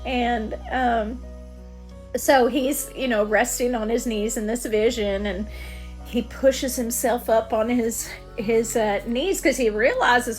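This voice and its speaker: A woman's voice: a little high, slow pace, faint music behind. A woman singer-songwriter giving a personal testimony in an earnest, vivid storytelling manner.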